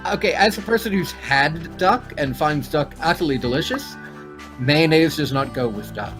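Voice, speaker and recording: A man co-hosting a casual gameplay chat, animated and quick to swear, with sudden jumps in pitch when excited. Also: over music. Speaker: gaming co-host.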